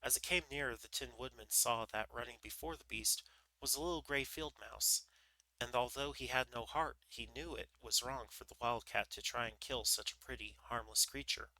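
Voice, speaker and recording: A man reading a children's book aloud on a livestream, relaxed, with small slips and restarts. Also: mid-range voice, normal speed, dry recording, rough recording. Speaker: livestream storyteller.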